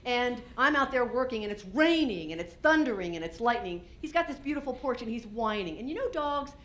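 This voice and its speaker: A woman speaker tells a personal story to a conference audience, candid and animated. Her voice sits a touch high, and she keeps acting out her own lines with frequent restarts. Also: fairly quick. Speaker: keynote speaker and business owner.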